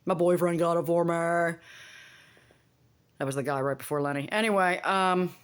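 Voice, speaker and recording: A woman's voice: fairly low pitch, moderate pace. A woman talking in a casual, rambling monologue, blunt and profane, often making buzzing sound effects. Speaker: vlogger.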